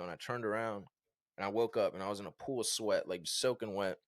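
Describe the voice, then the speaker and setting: A man in his thirties from Virginia, a podcast guest telling a personal story in an animated, casual way with lots of fillers. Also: fairly low pitch, brisk, no room sound, studio quality. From Virginia, USA. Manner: animated, conversational, many fillers like "like" and "bro".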